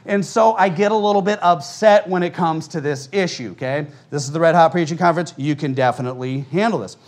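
A male pastor delivering a fiery conference sermon to a live audience, telling stories fast and acting out the people he quotes. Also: fairly high pitch. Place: church conference hall with audience.

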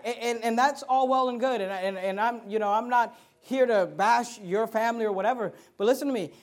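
A man with a notably high voice delivers a sermon from the pulpit. He preaches emphatically but conversationally, often restarting his sentences as he builds his point. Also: a little fast. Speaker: pastor.

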